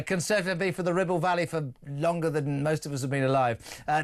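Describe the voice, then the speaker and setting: Brash male radio host in his fifties, quick sarcastic asides, slightly high voice. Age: 50s. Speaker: radio talk show host. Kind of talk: brash phone-in talk radio.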